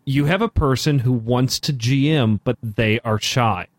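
A man's voice: mid-range voice, measured pace, dry recording. A man co-hosting a gaming podcast, joking and chatty. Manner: joking, animated. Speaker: podcast co-host. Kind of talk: casual chat.

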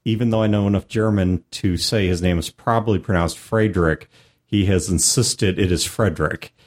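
A man hosting a tabletop gaming podcast in a relaxed, rambling chat. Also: sits low, fairly quick. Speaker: podcast host.

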